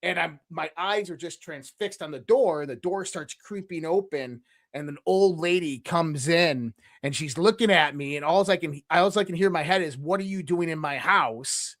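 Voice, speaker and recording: A young adult man, a podcast guest, telling personal stories in a casual, animated way, imitating sounds and restarting his sentences often. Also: a little high, moderate pace, few pauses, dry recording, studio quality. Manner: animated storyteller who imitates sounds, with frequent restarts and fillers. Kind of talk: casual conversational storytelling.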